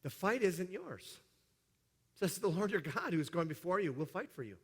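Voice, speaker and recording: A middle-aged man preaches to his congregation in a conversational, joking way and often breaks off into quick asides. His voice sits a little high. A long reverb from the church hall trails after his words. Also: sing-song, husky. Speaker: pastor. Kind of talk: sermon. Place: church sanctuary.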